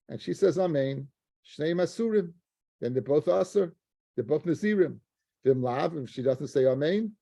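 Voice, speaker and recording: In a dry recording, a man with a fairly high, mellow voice teaches a Talmud class, reading Aramaic phrases aloud and translating them. He often repeats himself as he works through the passage.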